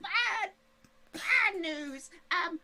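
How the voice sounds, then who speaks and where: A woman's voice: very high voice, animated, extremely slow, pushed and bright. A woman speaking as a player in a tabletop game, playful and sassy.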